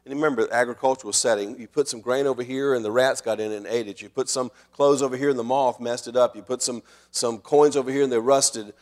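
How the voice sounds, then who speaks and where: A middle-aged male pastor delivers a sermon in an earnest preaching voice. He pushes his key points out loudly, then drops to quieter, more intimate asides. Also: mid-range voice, steady tone, fast, few pauses. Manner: earnest preaching, swings between loud emphasis and quiet asides.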